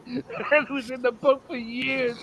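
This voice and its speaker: A man's voice: very high-pitched, steady tone, slow pace, noisy background. A man in a casual livestream chat, laughing often as he tells crude school stories.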